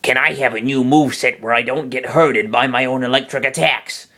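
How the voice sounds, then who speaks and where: A man's voice: medium pitch, a little fast, sharp tone. A man voicing a tiny, childlike electric creature who asks questions in a plaintive way.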